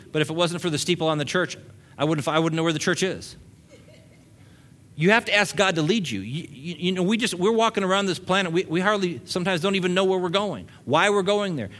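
A man's voice: fairly high pitch, a bit bright. A male pastor preaching a sermon, building emphasis with casual asides to the congregation.

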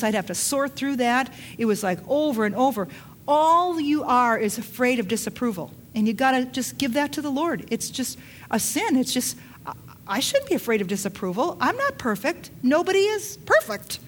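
A woman's voice: on the high side, a little hiss or hum. A woman pastor preaching a sermon in an earnest, repetitive way, with bursts of laughter.

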